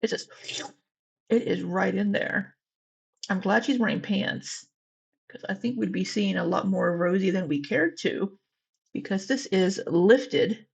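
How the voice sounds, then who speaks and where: A woman's voice: medium pitch, unhurried, vocal fry, breathy edge, lo-fi sound. A woman hosting a live reaction stream, chatting casually and teasing her viewers, with the odd swear word. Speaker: livestream reaction host.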